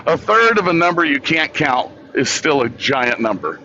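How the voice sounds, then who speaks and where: A man with a bright, pressing voice reasons through a question, stopping and restarting as he goes. His line sounds dull and lo-fi, with a faint hiss underneath. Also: on the high side, sing-song. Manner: halting, restarts, thinks aloud. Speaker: guest debater. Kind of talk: casual debate chat.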